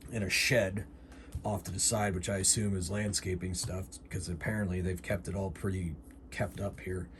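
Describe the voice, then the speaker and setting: A man voicing Xander, an easygoing male survivalist hunter in a solo tabletop game, speaking in a relaxed drawl. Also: lowish voice, slight background noise, lightly acted.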